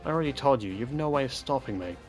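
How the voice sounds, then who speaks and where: A man doing a brisk guilt-ridden time traveller. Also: mid-range voice, expressive, a little mellow, faint music behind, voice pushed up, close to an everyday voice.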